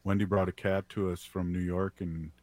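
A man's voice: sits low, little pitch movement, moderate pace, darkish tone, no room sound. A man hosting a radio show, bantering playfully and easygoing with his guest. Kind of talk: casual radio chat.

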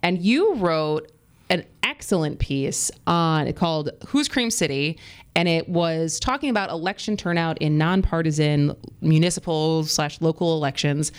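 A woman hosting a talk radio show, her pitch leaping up and down as she chats. She talks quickly and eagerly, tossing questions back at her guest. She sounds like she's speaking into a studio microphone. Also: smooth. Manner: chatty, quick and animated. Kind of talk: casual radio interview.

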